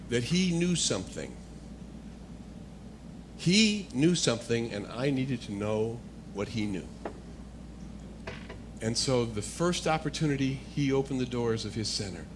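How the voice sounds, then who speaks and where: A man speaking as a guest speaker, telling a personal testimony in a storytelling manner that builds to animated excitement. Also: medium pitch, noisy background.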